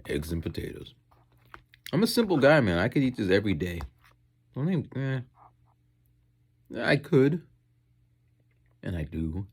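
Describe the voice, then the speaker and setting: A man's voice: mid-range voice, sing-song, a little slow, pauses often, slightly rough. A man who teaches in Japan, chatting casually in a rambling vlog while eating, going off on tangents and acting out voices.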